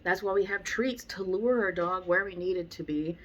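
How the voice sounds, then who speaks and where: A woman with a fairly low voice talks through dog-training tips in a loose, chatty way. She is blunt and lively, and her asides carry an exasperated edge. She teaches as much by telling stories as by giving instructions. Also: moderate pace, slight background noise. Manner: animated, acts out people she describes. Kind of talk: casual instructional talk.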